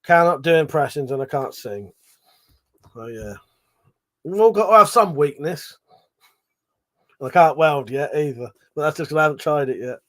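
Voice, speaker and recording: Bloke chatting on his livestream, swears a lot, fairly high voice. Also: lively intonation, normal speed, pauses often. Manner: rambling, swears freely, reads chat aloud. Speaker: livestream host. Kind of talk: casual live chat.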